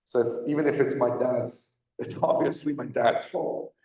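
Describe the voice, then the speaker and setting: Halting man testifying in an echoey hall. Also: mid-range voice, fairly even intonation, warm tone, distant mic. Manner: candid, halting, with frequent pauses. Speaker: church member giving testimony. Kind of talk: personal testimony talk. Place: church hall.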